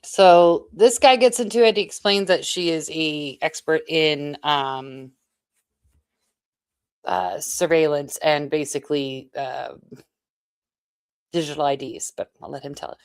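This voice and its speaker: A woman's voice: deep voice, unhurried, pauses often, a little mellow, clear, resonant tone, no echo. A Canadian woman hosting a livestream, talking hesitantly with many fillers and apologies. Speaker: livestream host. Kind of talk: casual political commentary.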